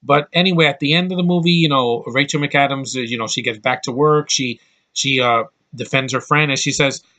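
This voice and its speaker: A man's voice: medium pitch, fairly quick, pushed and bright. A man giving a casual, rambling film review with blunt opinions and lots of restarts.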